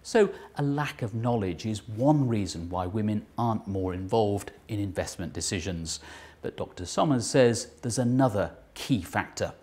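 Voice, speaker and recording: A presenter reading a scripted report in a clear, informative way. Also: medium pitch, expressive, moderate pace, dark tone. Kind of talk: scripted narration.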